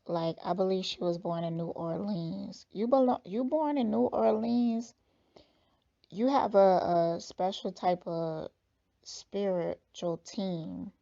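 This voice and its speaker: A woman reader giving slow, thoughtful, blunt commentary on a clip in a casual way. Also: mid-range voice, steady tone, vocal fry, warm tone, highs cut off. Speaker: spiritual reader reacting to a clip.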